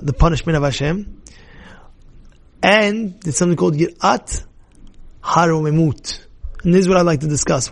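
High-pitched rabbi guy giving a torah class, super animated, keeps repeating stuff for emphasis. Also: creaky. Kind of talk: lively sermon-style Torah lesson.

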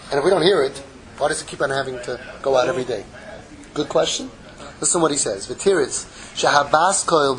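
A man giving an impassioned Torah sermon, mixing Hebrew terms into English and swinging from loud pleading to hushed, intimate tones. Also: a little high, low-quality recording. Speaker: rabbi giving a Torah class.

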